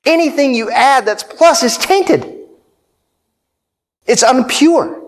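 A pastor preaching a sermon, emphatic, repeating key phrases and checking in with "right?". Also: male voice, very high voice, expressive, takes it slowly.

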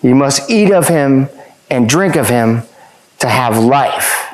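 A man's voice: mid-range voice, animated, takes it slowly, crowd noise, low-quality recording. A man preaching a sermon, pressing his points with rhetorical questions and repeated phrases. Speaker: pastor.

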